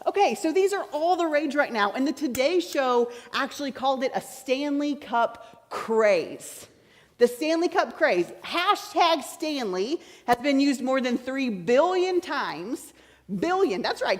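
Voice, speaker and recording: A woman's voice: sits high, big pitch swings, a little slow. A woman preaching a teaching-style sermon, chatty and explaining, repeating her key points. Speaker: pastor. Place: large church sanctuary. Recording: church hall reverb.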